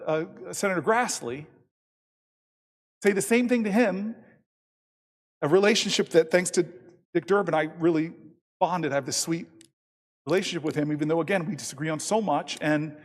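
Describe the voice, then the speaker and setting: A man in his fifties giving a long floor speech as a senator, telling a story and quoting others in lively voices. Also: sits high, fairly quick, pauses often. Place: large legislative chamber. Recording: long reverb from a large chamber.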